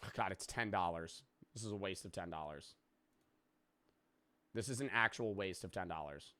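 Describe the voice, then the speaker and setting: A man's voice: deep voice, normal speed, pushed and bright, no room sound. A young adult man chatting casually on a live stream, rambling and joking, swearing freely and thanking viewers for subs.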